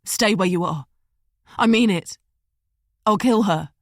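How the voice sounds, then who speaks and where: A woman's voice: a little high, a little slow, no echo, clean studio sound, close to an everyday voice. A woman voicing a desperate young man holding a hostage, tense and threatening.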